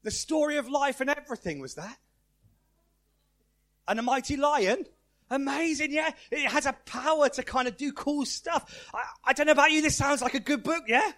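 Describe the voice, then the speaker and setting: A high-voiced man gives a lively sermon to a church congregation. His talk is playful and animated, and he keeps asking the room questions and repeating their answers. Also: normal speed. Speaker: preacher. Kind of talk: lively family-service sermon.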